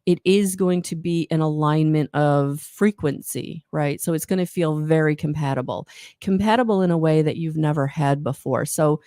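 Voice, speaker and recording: A woman's voice: deep voice, moderate pace, warm tone, dry recording, clean studio sound. A woman giving a live oracle card reading, rambling and encouraging, often correcting herself mid-sentence. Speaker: intuitive card reader.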